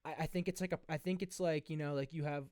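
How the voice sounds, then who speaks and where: A man's voice: a little high, fairly even intonation, quick pace, darkish tone, no room sound, studio quality. Chatty young man telling a story. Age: 20s. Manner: rambling storyteller, swears a lot. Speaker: podcast co-host. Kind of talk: casual chat.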